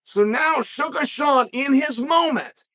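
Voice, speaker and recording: High, bright-voiced excited man. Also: takes it slowly. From western United States. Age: middle-aged. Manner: excited, emphatic storytelling with shouted bursts. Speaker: host. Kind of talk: animated solo commentary.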